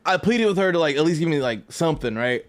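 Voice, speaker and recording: Guy ranting on his vlog, kinda high voice, slangy and cussing, lots of "right?". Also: fast. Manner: animated, profane, slangy ranting; loose, rambling delivery with frequent "right?". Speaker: fighting game vlogger. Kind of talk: casual storytelling vlog.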